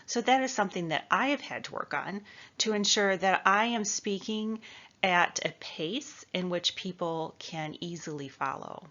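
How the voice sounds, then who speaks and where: A woman from the Midwest teaches presentation skills in a clear, measured coaching voice. Her voice sits a little low for a woman. The recording is somewhat dull and lo-fi. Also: lively intonation, a bit bright. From American Midwest. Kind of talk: instructional talk.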